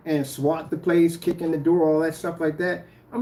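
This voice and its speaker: Man, lively swinging pitch, confrontational rambling direct-to-camera rant. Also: a little fast, hardly any pauses. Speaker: YouTuber addressing a rival.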